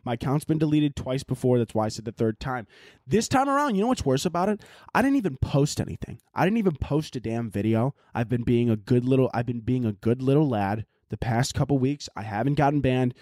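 A man's voice: medium pitch, very animated, brisk, mellow, no echo, studio quality. A young man hosting a solo podcast, ranting in an exasperated, rambling, profane way. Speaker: podcast host. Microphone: laptop and camera audio.

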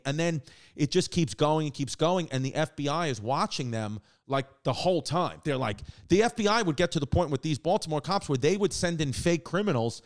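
Co-hosting a casual comedy podcast, a man with a fairly high voice talks fairly quickly. He spins rambling, profane, animated stories, frequently starting sentences over.

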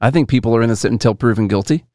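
A man's voice: medium pitch, racing, dark tone, no echo, clean studio sound. A man hosting a casual commentary show, musing aloud and hedging as he talks to his viewers and answers chat. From United States.

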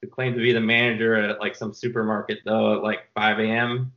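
A man's voice: fairly low pitch, a little fast, dull audio. A man, a filmmaker being interviewed, telling long rambling stories with many fillers. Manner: rambling, animated storyteller with fillers. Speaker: filmmaker guest. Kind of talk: casual interview storytelling.

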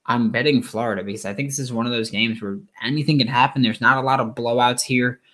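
A man's voice: medium pitch, steady tone, fast talker, bright, forceful tone. A young man hosting a sports podcast, talking casually and rambling with many fillers and restarts. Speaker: podcast host.

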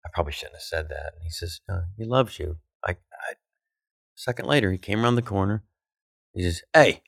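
A middle-aged male comedian telling a backstage anecdote in an animated, profane way, acting out the people he quotes. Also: on the low side, gravelly, no echo, studio quality. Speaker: comedian guest. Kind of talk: storytelling anecdote.

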